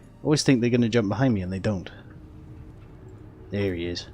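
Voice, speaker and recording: A man's voice: lowish voice, brisk, mellow, slight background noise. Chatty Welsh man streaming a game. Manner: chatty, laughs often, talks to viewers. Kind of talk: casual gameplay commentary.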